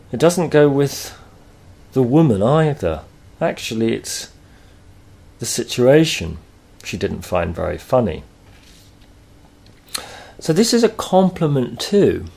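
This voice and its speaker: A man teaching a grammar lesson, explaining slowly and patiently with thoughtful pauses. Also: medium pitch, vocal fry, mellow, slightly rough.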